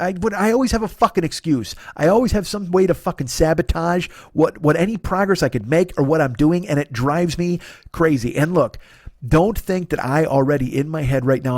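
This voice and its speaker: A man's voice: fairly high pitch, darkish tone, no room sound. A man talks alone into a close mic in a comedy podcast monologue. He rambles, curses freely and mocks himself, and the sound is dry with no room around it. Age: 40s. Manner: profane, self-deprecating, rambling. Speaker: podcast host.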